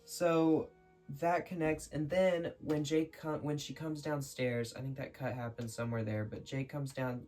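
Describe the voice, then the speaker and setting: A man's voice: a little high, fairly even intonation, measured pace, darkish tone. Rambling man over faint background music. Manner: rambling, restarts often, scattered. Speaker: vlogger explaining a film. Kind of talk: casual unscripted commentary.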